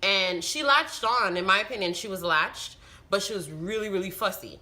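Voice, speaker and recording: A woman vlogger speaks straight to camera in an easy, conversational storytelling way. Her voice is bright and forward, and she leans hard into the key words with animated emphasis. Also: medium pitch, normal speed. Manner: animated, emphatic retelling with frustrated outbursts. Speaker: vlogger and new mother.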